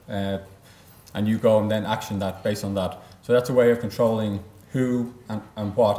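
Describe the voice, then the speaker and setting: A man giving a conference presentation as a software company presenter, explaining step by step and often repeating words mid-sentence. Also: lowish voice, reverberant. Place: conference room.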